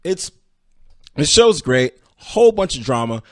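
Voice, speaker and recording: A man hosting a podcast, retelling stories casually and acting out the people in them with sudden high-pitched outbursts. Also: very animated, a little slow, no room sound, studio quality. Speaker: podcast host. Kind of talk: casual storytelling recap.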